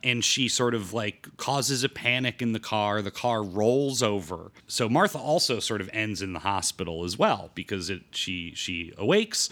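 A man hosting a casual film podcast, recapping plots in a halting way with many fillers. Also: lowish voice, animated, a bit bright. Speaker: podcast host.

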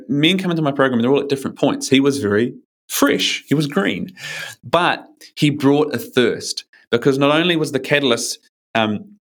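A man who coaches men talks loosely in an interview, rambling along with plenty of fillers and the odd casual swear word. His voice sits in an ordinary middle pitch for a man. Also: fairly bright tone. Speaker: men's coach.

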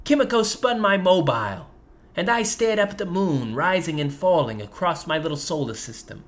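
A woman narrating a first-person comic story as a gangster baby, in deadpan tough-guy mobster talk. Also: on the low side, normal speed. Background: soft harp jazz music.

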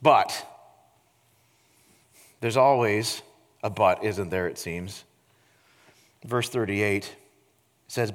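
A man's voice: on the low side, slow pace, long pauses. Man preaching in an echoing church. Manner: expressive, rhetorical questions to the congregation. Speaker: pastor. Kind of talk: sermon. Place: church sanctuary.

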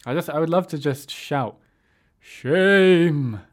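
A man's voice: a little high, fairly quick, darkish tone. A man co-hosting a comedic radio show in a studio, chuckling and easygoing as he signs off. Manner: laid-back, chuckling, wraps up the show. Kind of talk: casual comedic radio chat.

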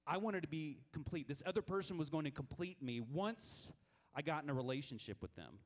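A man in his thirties telling funny stories to a youth group, animated and self-mocking, with many stammered restarts. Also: a little high, a little fast. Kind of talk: lively storytelling talk to a youth group.

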